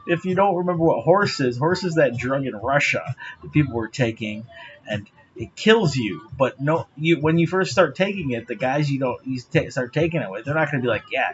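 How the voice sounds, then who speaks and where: A man's voice: a little high, a bit bright, lo-fi sound, a little hiss or hum. A man talking straight to his viewers in a rambling, profane monologue, laughing often. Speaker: vlogger.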